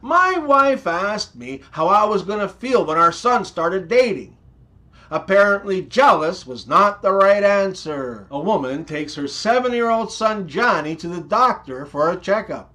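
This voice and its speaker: A man telling jokes with a high, bouncing voice that swings up and down a lot. He takes his time, pausing before each punchline, in a slow, unhurried delivery. It sounds like a scripted comedy channel host. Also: sing-song, pushed and bright.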